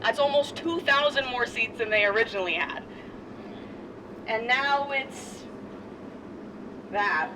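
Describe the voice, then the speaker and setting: A woman's voice: a little high, lively intonation, slow pace, pauses often. Chatty woman guiding a street tour. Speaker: tour guide. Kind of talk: guided walking tour narration. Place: outdoors on a street. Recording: distant voice over loud street noise.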